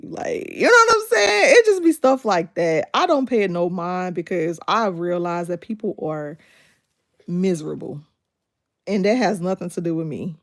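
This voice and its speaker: A woman, hosting a casual livestream chat, laughing often and talking back animatedly to her viewers. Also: fairly low pitch. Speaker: livestream host. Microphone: phone.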